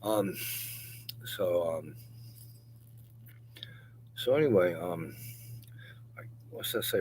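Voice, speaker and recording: Brief: older man, deep low voice, profane confessional livestream rambler, faint hum behind. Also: expressive, slow pace, long pauses, a little mellow, rough recording. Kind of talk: rambling casual livestream monologue.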